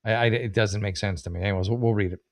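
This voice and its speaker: A man hosting a casual comedic commentary show, rambling and self-mocking, with many restarts and drawn-out punchlines. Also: lowish voice, fairly even intonation. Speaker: host.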